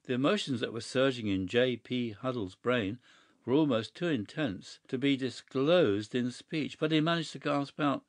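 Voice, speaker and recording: A man narrating a classic short story in a measured, even storytelling manner. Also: medium pitch, no echo.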